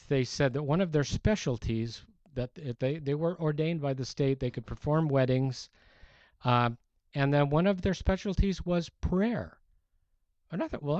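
A pastor delivers a sermon in a conversational, storytelling style, working through a Bible passage. His voice is medium-pitched with a darkish tone and no room sound, though the recording is dull and lo-fi.

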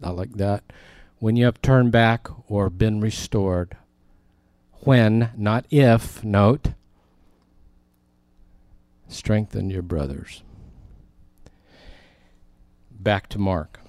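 Warm-voiced male pastor preaching casually. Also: lowish voice, takes it slowly, long pauses, no echo, clean studio sound. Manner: conversational, with emphatic asides. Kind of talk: sermon.

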